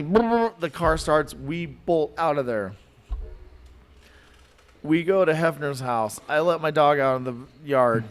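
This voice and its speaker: A man spins a long story for a podcast, his voice sitting a little high for a man. He rambles and fills gaps with likes and ums, acting out the other people in the story as he goes. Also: smooth. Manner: animated, rambling, lots of likes and fillers. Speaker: podcast guest telling a story. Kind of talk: casual storytelling.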